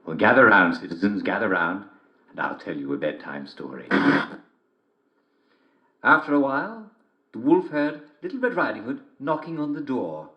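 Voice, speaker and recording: A man's voice: lowish voice, big pitch swings, normal speed, long pauses, lo-fi sound. An actor playing a relentlessly cheery male television host, delivering theatrical scripted broadcast patter.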